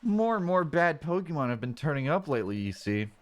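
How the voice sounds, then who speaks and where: A man doing an earnest high Mudkip. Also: very animated, a little fast. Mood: curious. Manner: raised, earnest storybook voice. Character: friendly young male Mudkip partner, earnest.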